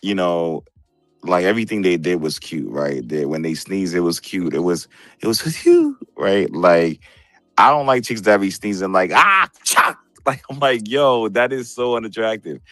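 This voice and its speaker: A man's voice: sits low, big pitch swings, moderate pace, dry recording, studio quality. A man hosting a casual group chat on a video call, opinionated and repeating "bro" and "right" as he argues. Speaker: show host.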